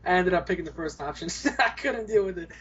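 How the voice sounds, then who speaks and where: Young guy cursing through work stories, kinda high voice, muffled lo-fi audio. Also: animated, fast talker, fairly bright tone, husky. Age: young adult. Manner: profane, ranting storyteller. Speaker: podcast co-host. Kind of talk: casual chat. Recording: muffled lo-fi recording.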